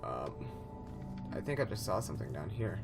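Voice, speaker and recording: A man's voice: low-pitched, big pitch swings, moderate pace, over loud music. A young man commentating a horror game he is playing, rambling with lots of fillers and restarts, easily startled. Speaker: gameplay commentator.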